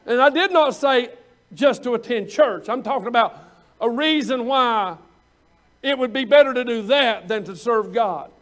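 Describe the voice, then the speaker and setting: A man preaching a sermon in a folksy, conversational way, breaking into loud emphatic bursts. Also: very high voice, moderate pace.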